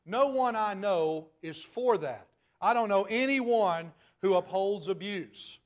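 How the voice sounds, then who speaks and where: Middle-aged male preacher, high-pitched, emphatic, pushes to loud peaks. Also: animated, slow. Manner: emphatic, rhetorical questions, rising to loud peaks. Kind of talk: sermon.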